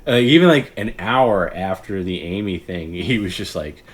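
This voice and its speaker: A man hosting a casual late-night stream, rambling, often laughing and breaking into hushed imitations of others. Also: sits low, animated, normal speed. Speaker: podcast host.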